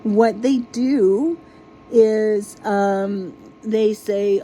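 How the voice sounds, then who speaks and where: A woman's voice: medium pitch, slow pace, warm tone, a little hiss or hum, rough recording. A woman vlogger in an exasperated, casual ranting monologue, swearing freely.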